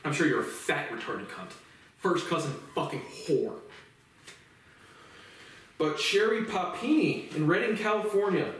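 A young man in his twenties with a fairly high voice, ranting in a loud, profane, heated way and tripping over repeated words. He stands well back from the microphone in a room with heavy echo. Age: 20s. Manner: profane, heated, repetitive restarts. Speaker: vlogger. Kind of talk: angry monologue rant. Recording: very echoey room, voice far from mic.

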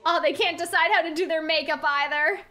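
A young woman reacting to a game as she plays, excitable and giggly, gushing and swearing casually. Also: very high voice, fairly quick, faint music behind. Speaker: let's play streamer.

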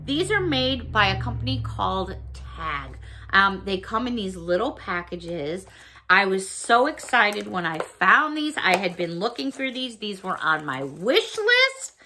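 An excitable woman from the United States chatting casually through a shopping haul, gushing and squealing over her finds. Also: on the high side, slight background noise. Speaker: vlogger showing a shopping haul. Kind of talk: casual haul video talk.

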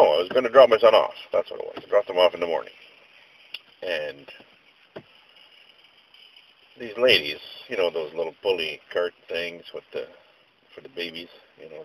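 A man's voice: fairly low pitch, husky, rough recording. A man vlogging a casual rant, telling stories in a rambling, exasperated way with mild slang.

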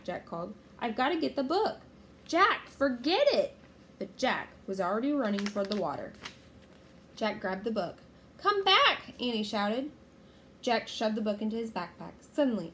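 Woman narrator for a kids' storybook, steady and expressive, faint hiss behind. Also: medium pitch. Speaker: reader. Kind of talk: children's storybook read-aloud.

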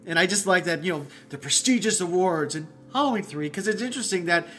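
A man's voice: high-pitched, expressive, fast, fairly bright tone, faint music behind. Chatty man musing over a film. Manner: chatty, musing, laughs often. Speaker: film commentary co-host. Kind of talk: casual film commentary chat.

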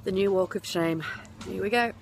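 A woman's voice: mid-range voice, moderate pace, vocal fry, a little hiss or hum. An Australian woman hosting geek culture content, talking in playful, jokey, self-mocking comedy clips. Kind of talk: comedic short vlog clips.

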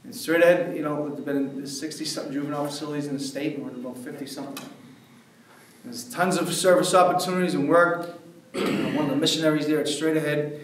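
In a very echoey church hall, with the mic far away, a man who works in prison ministry tells stories to a church men's group. His voice is a bit high and steady, he talks fast, and his casual, rambling delivery is packed with fillers, especially "like." There's slight background noise.

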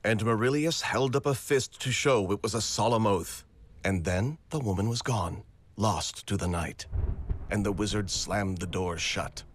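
A man narrating a storybook adventure game aloud in a measured, dramatic way. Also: fairly low pitch, slight background noise.

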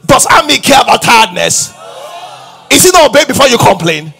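A middle-aged man preaching a fiery sermon, shouting commands and muttering mocking quotes in a raspy voice. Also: big pitch swings, fairly quick, faint music behind, a faint crowd. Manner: shouting, acts out mocking quotes in low mumbles. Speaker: pastor. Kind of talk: energetic sermon.

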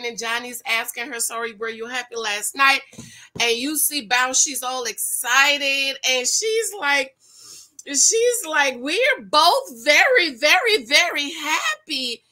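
Woman, sassy casual recap host, very bright tone. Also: a little high. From Jamaica. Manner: chatty, sassy, laughs and asks viewers questions. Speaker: reality show recap vlogger. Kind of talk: casual reaction commentary.

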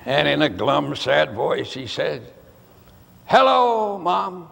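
Gravelly old preacher in his eighties. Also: mid-range voice, a bit bright. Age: 80s. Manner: slow, deliberate storytelling. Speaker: pastor. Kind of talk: sermon. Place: large church. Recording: long church reverb.

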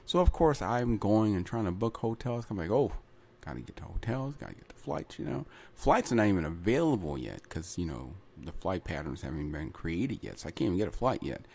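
A man's voice: sits low, very animated, fairly quick, hardly any pauses, a little mellow. A man hosting his own podcast, talking in a chatty solo monologue full of repeats and asides like "right?" and "you know". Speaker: podcast host.

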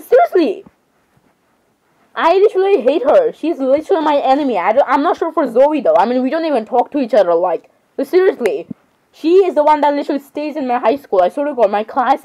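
A high-pitched teenage girl talks over her game, rambling in a dramatic, excitable way. She jumps from topic to topic in casual gaming chatter. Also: muffled recording. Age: teens. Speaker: gamer.

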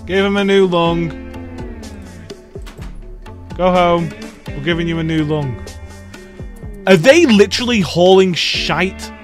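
Young man, exasperated gameplay commentary, high voice, faint music behind. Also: slow, long pauses. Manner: exasperated, ranting, swearing at the game. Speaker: let's play gamer.

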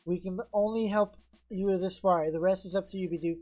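A woman's voice: lowish voice, steady tone, a little fast, mellow, muffled recording, natural voice. Cheerful guild leader creature, encouraging, upbeat, game character, read by a woman. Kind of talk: reading game dialogue aloud.

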